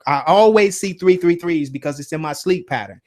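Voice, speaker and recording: High-voiced man telling a dream story. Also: fairly quick. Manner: animated storytelling, often asks "right?" and "you see?". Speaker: host. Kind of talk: casual spiritual talk to viewers.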